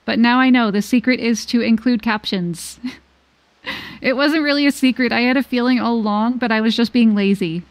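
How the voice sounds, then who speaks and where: A woman streamer chatting casually with her viewers during a gameplay livestream, bubbly and quick to giggle. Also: a little high. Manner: bubbly, giggly, talks to chat.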